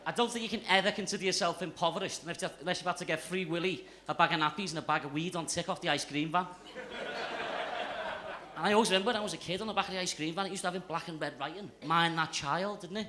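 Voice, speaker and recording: A man's voice: sits high, very fast. Young male stand-up with a Liverpool accent, sweary and brash, on a club stage mic with faint noise. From Liverpool area, England. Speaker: stand-up comedian. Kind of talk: stand-up set.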